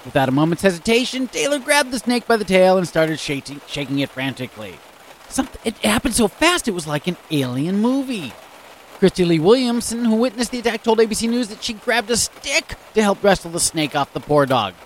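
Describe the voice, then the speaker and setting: A man's voice: sits high, big pitch swings, brisk, hardly any pauses, slight background noise. A man hosting a music show, reading weird news stories in a chatty, casual way and reacting aloud. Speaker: radio show host.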